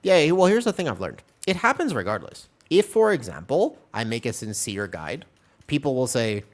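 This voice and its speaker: A man streaming a game as a tank player, mixing quick callouts with rambling banter to his viewers. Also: mid-range voice, sing-song. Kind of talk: live gameplay commentary and chat with viewers.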